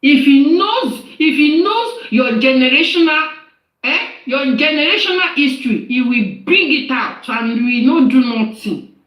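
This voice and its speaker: A woman's voice: sits high, expressive, unhurried, a bit bright. A woman on a live stream, scolding someone angrily with repeated phrases and rhetorical questions. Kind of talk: angry live-stream rant. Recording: echoey live-stream audio.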